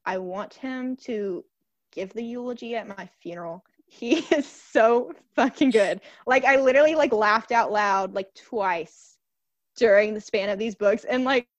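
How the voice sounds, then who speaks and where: A woman co-hosting a podcast in casual chat, gushing and animated and swearing freely. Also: medium pitch, no echo, lo-fi sound. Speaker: podcast co-host.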